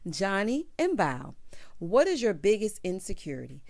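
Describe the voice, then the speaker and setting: A woman's voice: medium pitch, huge pitch swings, normal speed, vocal fry, darkish tone. A woman host giving a casual, sassy recap of a reality show, talking with features and peppering her speech with "honey" and "child.". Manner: sassy, chatty, full of "honey" and "child" asides.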